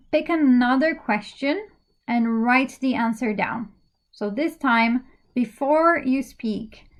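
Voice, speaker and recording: A woman teaching an English speaking-exam lesson, explaining practice steps patiently with frequent ums and uhs. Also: a little high. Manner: patient, step-by-step instruction with many fillers.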